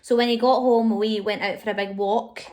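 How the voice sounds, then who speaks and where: A woman's voice: a little high, fairly even intonation, normal speed, darkish tone. Young woman vlogging her birth story, open and emotional, lots of ums and restarts. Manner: candid and emotional, with many fillers and restarts. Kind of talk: personal storytelling to camera.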